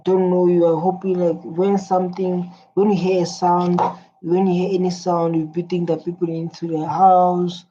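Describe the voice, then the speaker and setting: Woman, low warm voice, earnest reaction host, dull lo-fi sound with faint hiss. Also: flat delivery, moderate pace. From South Africa. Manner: earnest, repeats herself, hums along while listening. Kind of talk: emotional reaction commentary. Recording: dull lo-fi audio with faint noise.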